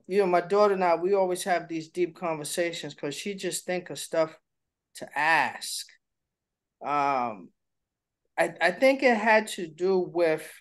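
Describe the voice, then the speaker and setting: A middle-aged man chatting casually as a co-host, candid and playful, slipping into little impressions while he tells stories. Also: on the high side. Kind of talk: casual chat.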